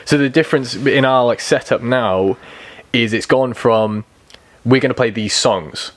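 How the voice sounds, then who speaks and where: A man's voice: medium pitch, a little slow, no room sound. A young man, a band member guest on a podcast, chatting casually and acting out quotes as he tells stories. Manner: animated storyteller, acts out quotes.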